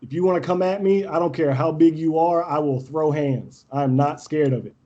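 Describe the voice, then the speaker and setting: A young man telling brash stories in a casual interview, animated and laughing often. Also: on the high side, normal speed, highs cut off. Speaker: podcast guest, volleyball coach.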